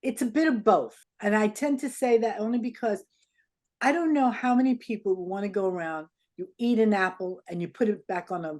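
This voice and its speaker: An older woman, an interview guest, telling stories in an animated way and acting out the people she quotes. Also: mid-range voice, brisk. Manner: animated, acts out quoted dialogue. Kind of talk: anecdotal storytelling.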